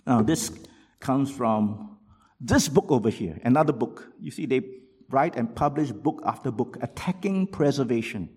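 A man preaching a sermon, swinging between loud rhetorical questions and low asides, and reading quotations aloud from books. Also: slightly rough.

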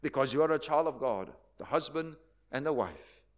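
A man's voice: mid-range voice, expressive, normal speed. A male pastor, preaching a teaching sermon, asking rhetorical questions and repeating key words for emphasis.

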